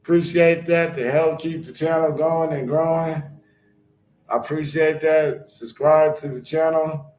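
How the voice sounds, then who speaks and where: Guy doing a spiritual card reading, kinda high voice, rambly preachy blessings, roomy echo. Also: steady tone, measured pace, a little mellow, slight background noise. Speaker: spiritual channel host.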